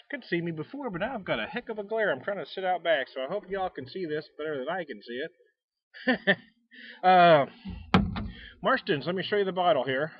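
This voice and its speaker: A man's voice: fairly high pitch, highs cut off. Folksy American man tasting beer outdoors. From United States. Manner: folksy, rambling, chuckles often. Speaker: beer reviewer. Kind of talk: casual beer tasting vlog. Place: outdoors out back.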